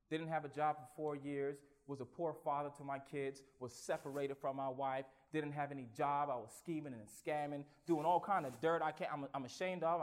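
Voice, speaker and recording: High-voiced man preaching a testimony sermon. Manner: swings from hushed, halting recollection to loud exclamations; stammers and repeats words.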